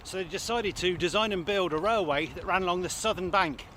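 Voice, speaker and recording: A man's voice: high voice, brisk, pushed and bright, slight background noise. Chatty man narrating while cycling outdoors. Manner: chatty, enthusiastic, thinking aloud with fillers. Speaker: cycling vlogger. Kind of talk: casual narration while riding. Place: outdoors on a bike, roads and a greenway with tunnels. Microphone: action camera on the bike.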